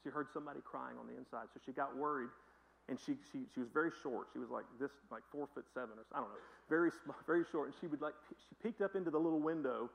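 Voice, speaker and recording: A man's voice: medium pitch, fast, gravelly, low-quality recording. A male pastor preaching a sermon in a conversational, emphatic way with joking asides.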